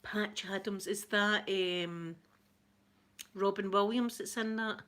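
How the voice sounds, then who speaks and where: A woman's voice: medium pitch, steady tone, slow pace, fairly bright tone. Scottish lady chatting away to her viewers, middle-aged, reads out comments and laughs a lot. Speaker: ASMR livestream host. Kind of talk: casual chat with viewers.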